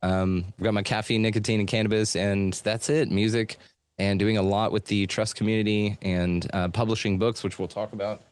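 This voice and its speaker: A man's voice: lowish voice, little pitch movement, a little fast, clear, resonant tone. Laid-back, swearing man telling his story. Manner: loose and profane, lots of fillers. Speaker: podcast host being interviewed. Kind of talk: casual storytelling chat. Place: home studio with soundproofing.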